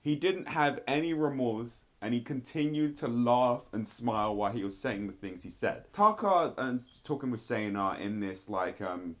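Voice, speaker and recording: A man giving blunt, animated commentary on a TV show, with sudden jumps in pitch as he talks straight at the people he reviews. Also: moderate pace, few pauses. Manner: blunt, addresses people directly. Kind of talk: casual commentary video.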